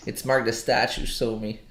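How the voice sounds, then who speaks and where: During a live trading stream, a man works the charts and talks casually to viewers, leaning on slang. His mid-range voice is fairly bright, and the roomy recording carries slight background noise.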